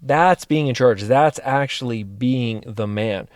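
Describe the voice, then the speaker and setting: A man's voice: medium pitch, slow pace, darkish tone, clean tone, no room sound, studio quality. Guy giving a pep talk straight to you, keeps repeating his point, no room sound at all. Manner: direct, earnest, repeats phrases for emphasis. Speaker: life coach and mentor. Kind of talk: motivational monologue to camera.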